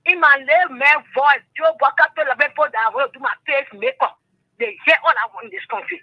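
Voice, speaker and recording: A woman's voice: high-pitched, quick pace, dry recording, dull audio. An older woman, calling in to a talk show and speaking with passion, tearful at times. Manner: impassioned, tearful at times, preachy. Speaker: caller.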